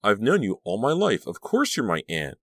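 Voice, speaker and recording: A man voicing a frightened, desperate teenage girl who cries out in a high, pleading voice. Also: huge pitch swings, normal speed, a bit bright, no room sound, clean studio sound, exaggerated voice. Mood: frantic.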